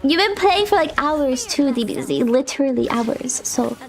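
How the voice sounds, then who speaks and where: A young woman streaming a game live, excitable and panicky, swearing and apologizing in rapid repeats. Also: high voice.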